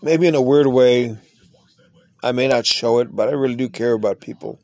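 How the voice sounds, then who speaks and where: A man's voice: medium pitch, fairly even intonation, moderate pace, a little mellow, dry recording. A man hosting his own podcast, talking in a rambling, earnest, unscripted monologue. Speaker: podcast host. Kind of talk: casual monologue.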